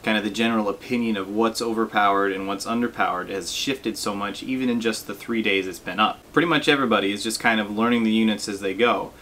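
A man's voice: fairly low pitch, quick pace, hardly any pauses, a little hiss or hum. A young man giving casual, self-deprecating commentary over gameplay as a gaming video host. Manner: relaxed, self-deprecating, frequent fillers.

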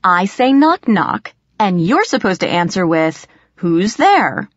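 A woman's voice: fairly low pitch, big pitch swings, slow pace, dry recording, highs cut off, full character voice. A woman voicing a cocky, teasing teenage boy fairy trickster in an audiobook, breezy and grinning. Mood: amused. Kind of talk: audiobook character voice.

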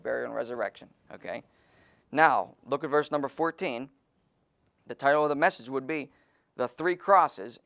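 A man preaches in a loose, conversational style, full of fillers and false starts. His voice has a gravelly fry at a middle pitch. When he reads scripture he slows down and leans on each word. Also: a bit bright. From Pennsylvania, USA. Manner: folksy, informal preaching with many fillers and restarts; reads scripture aloud with slow emphasis. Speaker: pastor. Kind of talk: sermon.

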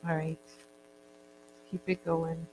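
A woman's voice: deep voice, flat delivery, slow pace. Chatty woman demoing jewelry making. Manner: chatty, jokey, laughs often. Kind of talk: casual demo chat. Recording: faint mains hum.

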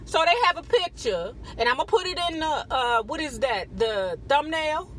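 Sassy high-voiced gossip host woman. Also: lively intonation, moderate pace, a little hiss or hum. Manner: sassy and profane, with frequent "child" and "baby". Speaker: celebrity gossip vlogger. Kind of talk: casual gossip commentary. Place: not on camera, audio-only.

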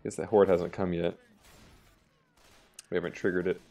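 A man giving live gameplay commentary, excitable and quick to exclaim and laugh. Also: sits low, gravelly. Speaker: gaming channel host.

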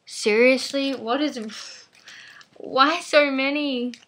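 Gushing, bright-voiced woman unboxing at home. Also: high voice, slow, a little hiss or hum. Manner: gushing and excitable, rambling with many fillers. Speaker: vlogger unboxing a package. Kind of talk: casual unboxing chat.

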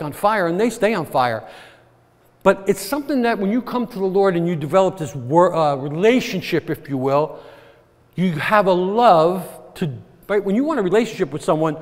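A man's voice: high-pitched, big-room sound. A man pastor preaching a sermon, earnest and repetitive, often checking with the congregation. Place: church sanctuary.

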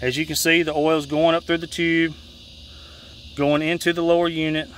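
A Southern-accented fishing guide talks through a repair step by step in a relaxed, homespun manner, often restarting his sentences. His voice sits a little higher than most men's. He is recorded outdoors, with faint background noise around him. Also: normal speed. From Georgia, US. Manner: relaxed, folksy, repeats and restarts phrases. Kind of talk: casual how-to demonstration. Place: outdoors beside a boat.

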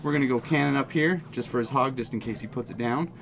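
A man giving excited, jokey running commentary on his own mobile game, talking straight to his viewers. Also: medium pitch, fast, vocal fry, soft background music. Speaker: gaming channel host. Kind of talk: live gameplay commentary.

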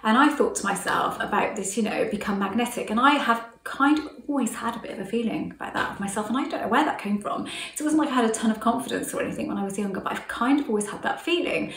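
A woman's voice: a little high, quick pace, a bit bright, reverberant, recorded from a distance, rough recording. A middle-aged woman telling a story to camera in a chatty way, laughing often and acting out what people said. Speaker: vlogger.

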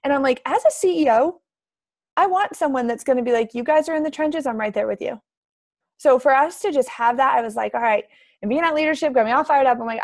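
A woman in her thirties leading a motivational team video call, energetic and emphatic. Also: sits high, quick pace, no echo, clean studio sound. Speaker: team coach leader.

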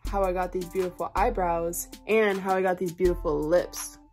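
A woman's voice: on the low side, fairly even intonation, moderate pace, darkish tone, soft background music. Chatty tired woman vlogging a haul. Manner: chatty, filler-heavy, \"like\" constantly. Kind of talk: casual haul vlog. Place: at home.

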